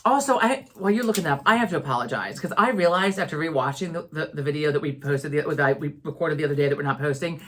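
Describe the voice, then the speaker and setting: A woman's voice: low-pitched, lively intonation, fast, few pauses, a bit bright. A woman co-hosting a casual chat podcast, blunt and full of swearing. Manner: profane, blunt, exasperated. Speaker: podcast co-host.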